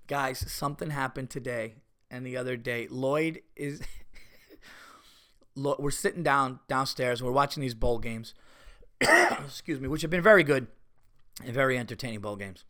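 A middle-aged man hosting a podcast, telling stories in a casual, animated way while fighting off a cold. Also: medium pitch, moderate pace, pauses often. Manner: animated storytelling, exaggerated retelling. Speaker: podcast host.

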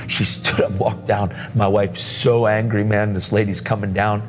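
A man preaching in a church, telling a story with lively acted-out voices and casual words like dude and man. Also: on the low side, normal speed, hardly any pauses. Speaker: guest preacher. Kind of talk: sermon storytelling. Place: church hall. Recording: reverberant church hall with music.

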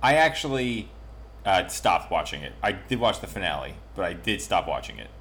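A man hosting a podcast in casual chat, joking in a dry, deadpan way. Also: sits low, moderate pace, a little hiss or hum. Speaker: podcast host.

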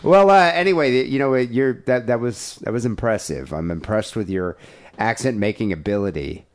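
A man's voice: fairly low pitch, expressive, normal speed. Teasing, rambling male podcast co-host. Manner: teasing, rambling and full of fillers. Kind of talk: casual comedy podcast banter.

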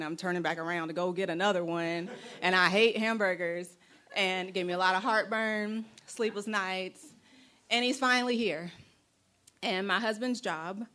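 A young adult woman tells a personal story with lively, playful energy. She jumps into the voices of the people in her tale. Her pitch sits in the middle for a woman. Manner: animated and playful, acting out quoted voices.

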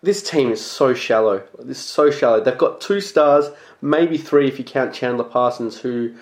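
Excitable podcasting man in an echoey room. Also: medium pitch, normal speed. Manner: blunt, excitable, swears casually. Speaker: podcast host. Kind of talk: casual sports betting podcast monologue.

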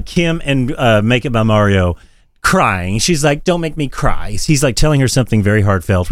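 A man's voice: fairly low pitch, no room sound, studio quality. A man co-hosting a podcast in casual chat, talking from his office with frequent swearing and laughter. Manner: animated, profane, laughs often. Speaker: podcast co-host.

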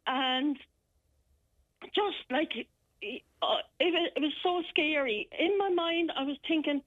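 An Irish woman phoning in, telling a frightening personal account in a halting, shaken way with many restarts. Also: high voice, a bit bright. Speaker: caller. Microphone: telephone. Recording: muffled telephone line.

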